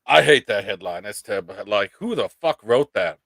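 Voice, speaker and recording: A man's voice: lowish voice, expressive, moderate pace, gravelly, few pauses, fairly bright tone, no room sound, clean studio sound. A man co-hosting a casual late-night podcast chat, sarcastic and cursing freely. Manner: sarcastic, swears a lot. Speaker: podcast co-host.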